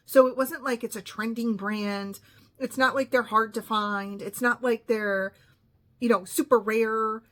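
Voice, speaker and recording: A woman's voice: a little high, a bit bright. A woman in her fifties telling a long, rambling story in a casual monologue, chatty and exasperated. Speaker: vlogger.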